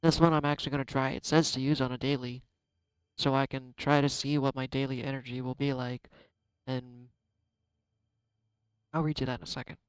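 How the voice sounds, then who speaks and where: A man giving a casual tarot card reading, chatty and self-deprecating, thinking out loud. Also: mid-range voice, little pitch movement, fairly quick, long pauses, smooth, no echo, low-quality recording. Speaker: tarot reader.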